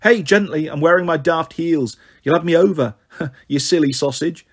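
A man reading a story aloud, voicing a flighty, chatty young mother with a breezy, cheeky manner and a husky voice. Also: a little high, moderate pace, natural voice.

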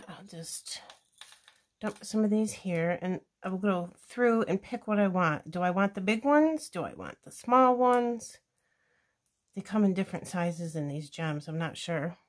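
A woman's voice: mid-range voice, darkish tone. A woman chatting casually through a scrapbooking tutorial, gushing and thinking aloud as she works. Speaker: scrapbooking crafter demonstrating a layout. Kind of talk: casual craft tutorial chat.

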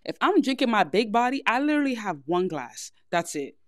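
A woman's voice: fairly high pitch, sing-song, fairly quick, no echo, studio quality. Blunt New York woman giving advice. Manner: blunt, frank big-sister advice. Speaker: podcast host. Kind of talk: casual advice monologue.

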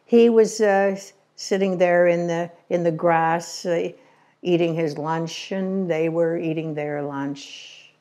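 An older woman giving an inspirational talk on scripture, telling stories with gentle humor in a conversational way. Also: lowish voice. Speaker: Christian Science lecturer. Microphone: remote recording.

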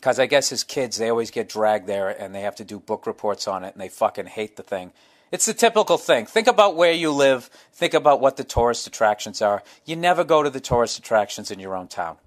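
A man's voice: medium pitch, lively intonation. A man hosting his own podcast in a casual solo monologue, rambling through tangents and swearing constantly. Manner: rambling, heavily profane, jumps between tangents; acts out crowd members and himself in quick voices. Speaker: podcast host.

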